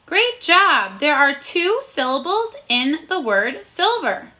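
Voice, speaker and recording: A woman teaching a recorded phonics lesson to young children, encouraging them and sounding out words slowly and clearly. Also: high voice, big pitch swings, bright, forceful tone. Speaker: first grade teacher.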